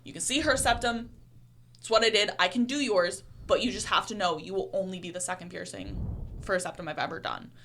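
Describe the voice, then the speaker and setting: A woman body piercer co-hosting a casual podcast chat, telling stories with lively acted-out dialogue. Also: mid-range voice, brisk, gravelly. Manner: animated storyteller acting out dialogue.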